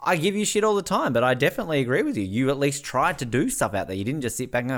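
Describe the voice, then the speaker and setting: An Australian man co-hosting a podcast, recapping a reality show in casual, animated talk, swearing and mimicking people. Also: mid-range voice, rapid-fire, few pauses, slight background noise. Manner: animated, swearing, mocking impressions. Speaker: podcast co-host.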